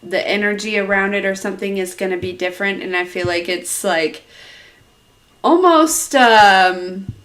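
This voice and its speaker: A woman's voice: mid-range voice, moderate pace, a bit bright. A woman giving a live tarot reading, rambling and hesitant with many fillers. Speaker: tarot reader. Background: dog in the room.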